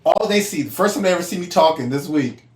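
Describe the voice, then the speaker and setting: Animated young man in an echoey room. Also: fast. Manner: animated, acts out quotes with big pitch jumps, laughs often. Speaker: podcast co-host. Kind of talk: casual podcast storytelling.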